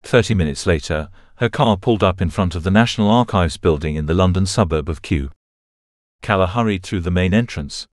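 A man reading a novel aloud as a narrator, in a steady, even way. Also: sits low, no room sound, studio quality. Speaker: audiobook narrator. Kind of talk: scripted narration.

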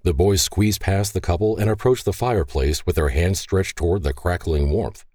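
Deep-voiced male audiobook narrator. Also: normal speed, darkish tone, dry recording, studio quality. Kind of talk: scripted narration.

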